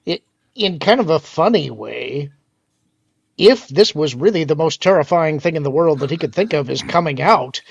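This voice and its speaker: A male panelist with a high voice and a gravelly fry, hesitant and amused as he talks a point through. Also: expressive, normal speed, muffled recording. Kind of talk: casual panel chat.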